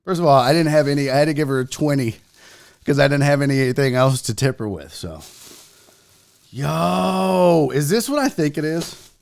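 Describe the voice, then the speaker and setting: Male streamer host, fairly high voice, animated, gushing and profane. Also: moderate pace, gravelly. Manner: excitable, emotional and profane. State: out of breath. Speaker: sports show host. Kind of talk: casual livestream chat.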